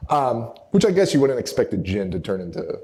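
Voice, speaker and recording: A man's voice: mid-range voice, sing-song, brisk, mellow. A man co-hosting a live horror movie podcast, recapping a film in a wry, rambling way and laughing through his jokes. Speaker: podcast co-host. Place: live show venue.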